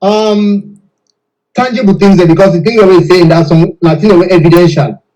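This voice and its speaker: A man with a Sierra Leonean accent speaks as a guest on a panel show. His voice is high for a man yet dark and mellow, and he hesitates often, filling gaps with ums. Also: a little fast, rough recording. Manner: hesitant, with frequent fillers. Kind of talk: live panel discussion.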